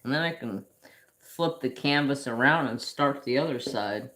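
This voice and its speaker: A man's voice: mid-range voice, sharp tone. A man hosting a craft channel, telling rambling personal stories in casual chat while he paints at home. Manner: slow, rambling storytelling with restarts.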